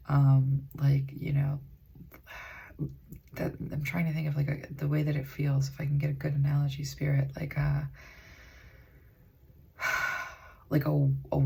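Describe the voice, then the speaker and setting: This is a woman reading tarot aloud with a husky voice that carries some gravel. She talks in loose, earnest rambles, often circling back and restarting her thoughts. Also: low-pitched, mellow. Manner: rambling, filler-heavy, earnest. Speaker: tarot reader.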